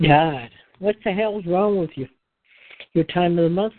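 A woman's voice: on the low side, measured pace. Blunt teasing woman on a phone line. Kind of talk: casual call-in chat. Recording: tinny phone-line call recording with faint noise.

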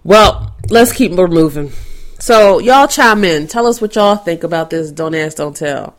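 A woman co-hosting a casual podcast, chatty and quick to laugh, with casual swearing. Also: on the low side, animated. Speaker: podcast co-host.

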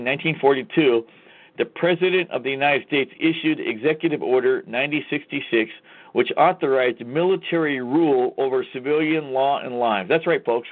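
A man hosts his own show in an angry, profane, hammering rant aimed straight at his listeners. His voice sits in an ordinary middle pitch. The sound is thin and tinny, like a phone line. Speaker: host. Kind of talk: ranting call-to-action monologue.

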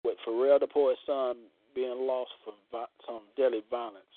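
A man's voice: mid-range voice, little pitch movement, normal speed. A man hosting a casual radio talk show, joking bawdily and acting out other people's voices. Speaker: show host. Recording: tinny phone-line sound, dry.

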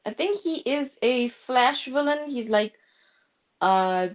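A woman's voice: high-pitched, expressive, takes it slowly. A woman co-hosting a casual chat, hesitant and searching for words, over a phone-like line. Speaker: podcast co-host.

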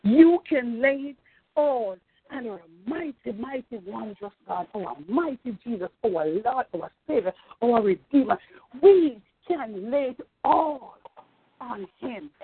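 Slow and expressive, a slightly high-voiced woman pastor preaches a fervent sermon through a tinny phone line. She repeats phrases and calls out praise.

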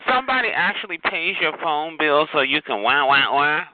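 On a tinny, hissing phone line, a male chat-line host with a slightly high, sing-song, brisk voice roasts a caller, mocking him with campy, sassy taunts and calling him "child" and "honey."

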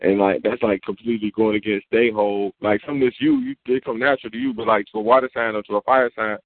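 A man's voice: on the low side, animated, fast talker. A man chatting casually in slangy, rambling speech. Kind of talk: casual conversation. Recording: tinny phone-like audio.

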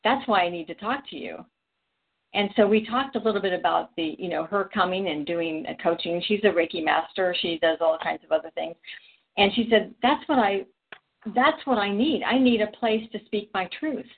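A woman's voice: mid-range voice, normal speed, vocal fry, husky. A woman telling a long, rambling story in casual conversation, with frequent restarts and quoted dialogue. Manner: chatty, rambling, many restarts. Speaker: podcast guest. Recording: phone-like audio.

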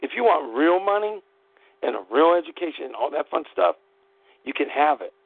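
A man's voice: on the high side, very animated, normal speed, breathy edge, no echo. A man hosting an internet radio show, delivering a fired-up, profane political rant in angry bursts. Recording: tinny phone-line audio, dry.

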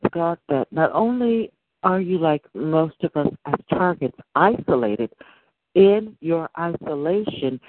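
A man's voice: on the high side, dry recording. A man hosting an interview, affirming his guest and asking probing questions. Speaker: host. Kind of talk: phone-in interview. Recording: tinny phone line.

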